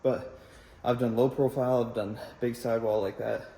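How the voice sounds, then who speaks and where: A man's voice: medium pitch, little pitch movement, fairly quick, gravelly, low-quality recording. A man casually narrating his own do-it-yourself car work, rambling and thinking aloud with fillers. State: out of breath at times. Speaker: DIY car vlogger. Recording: loud background noise.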